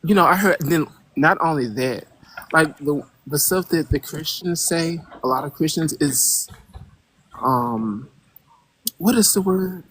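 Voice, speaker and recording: A caller on a casual call-in show who speaks at a medium pitch. They talk hesitantly, leaning on fillers and searching for words. They turn animated when something strikes them as absurd. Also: a little slow, slight background noise.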